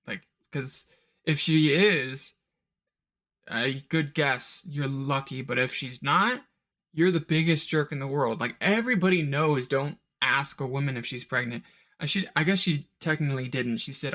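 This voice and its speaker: A man's voice: fairly high pitch, unhurried, fairly bright tone. Exasperated rambling young man. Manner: exasperated, rambling, many restarts and filler words. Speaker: podcast host reviewing a film. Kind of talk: solo review podcast, ranting.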